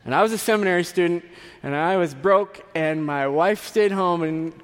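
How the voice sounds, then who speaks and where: Preaching at a normal speed, this male pastor tells his sermon like a conversation, full of tangents and fresh starts. His voice runs slightly higher than the typical man's, and a large sanctuary's long reverb trails after his words.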